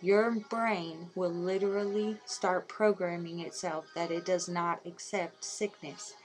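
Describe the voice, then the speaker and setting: A woman who presents herself as a healer speaks slowly in a low, fairly even voice, repeating mantras with earnest insistence. Her inspirational monologue is captured in low quality, with loud music in the background.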